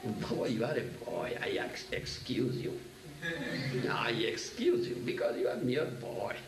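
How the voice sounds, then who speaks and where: A man voicing a fond, humble old village father who gently chides a boy, with pleading, tender and teasing turns. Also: medium pitch, sing-song, measured pace, creaky, music in the background, pitched below the performer's own voice. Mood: gently chiding. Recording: echoey hall, distant mic, faint hiss.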